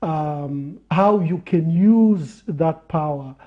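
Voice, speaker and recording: A man on a TV interview show who speaks in a measured way, building his points through repeated phrases. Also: fairly high pitch, narrow, tinny audio. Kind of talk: reflective talk in a TV interview.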